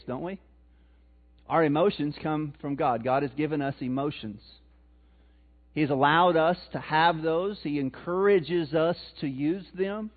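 Speaking at a normal speed, a high-voiced male pastor delivers a sermon while conversing with the congregation and posing questions to them. The recording has a thin, tinny, phone-line quality.

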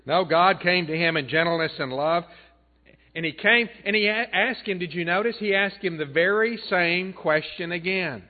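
A man preaching a sermon as pastor, earnest, building up loud and then dropping soft. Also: high-pitched, normal speed. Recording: tinny phone-like band.

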